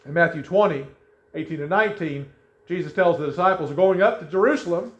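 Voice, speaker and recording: A man's voice: on the high side, fast. A man preaching a sermon in a conversational way, often restarting his sentences. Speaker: pastor. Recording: echoey room, dull lo-fi sound.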